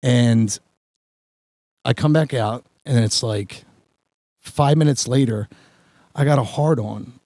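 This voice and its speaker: A man's voice: medium pitch, slow, pauses often, dark tone, no room sound. A man, a podcast host telling a long embarrassing story in a rambling, self-mocking way full of filler words. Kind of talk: casual storytelling chat.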